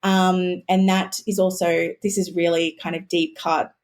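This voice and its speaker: A woman's voice: lowish voice, little pitch movement, unhurried. A woman, a historian and podcast guest, explaining her research eagerly and thinking aloud as she talks. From Australia. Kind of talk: podcast conversation.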